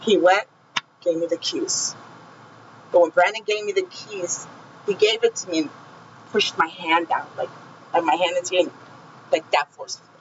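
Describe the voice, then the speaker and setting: A woman's voice: on the low side, steady tone, normal speed, long pauses, muffled recording, slight background noise. A woman telling her own painful story in a vlog, heated and profane, speaking with raw feeling. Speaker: vlogger recounting her own experience. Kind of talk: emotional personal storytelling.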